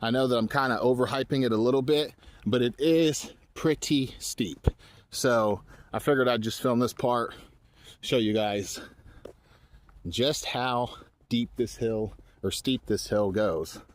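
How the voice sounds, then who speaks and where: A man's voice: medium pitch, unhurried. A breathless man vlogging up a steep hill. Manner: rambling, self-deprecating, trailing restarts. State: out of breath from climbing. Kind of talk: casual outdoor vlog narration. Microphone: handheld phone.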